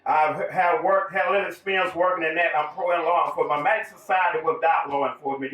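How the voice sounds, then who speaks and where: A man with a Southern US accent delivers a bold, folksy campaign speech with a few jokes. His voice sits fairly high. He is recorded from a distance in an echoey room. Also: fairly bright tone. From raised in the American South, born in New York. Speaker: political candidate giving a speech. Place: public event hall.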